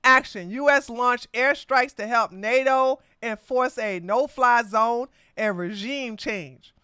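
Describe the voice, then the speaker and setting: A woman's voice: a little high, sharp tone, clean tone, no room sound. A woman hosting a livestreamed political commentary podcast, talking in a combative, mocking way with frequent laughter. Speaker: podcast host.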